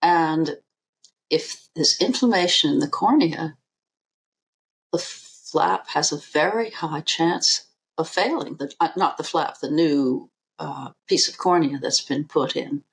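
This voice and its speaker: A woman eye surgeon talks on a podcast interview in a low, gravelly voice. Her delivery is measured and emphatic, and she keeps repeating her key figures.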